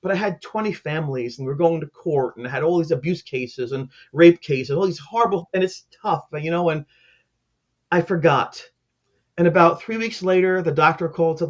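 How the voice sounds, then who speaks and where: A man's voice: on the high side, moderate pace. A man around sixty, a former caseworker and teacher, telling personal stories in an earnest, heartfelt way during an interview. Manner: earnest, heartfelt, acts out the people in his stories. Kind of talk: emotional personal storytelling. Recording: dull lo-fi sound.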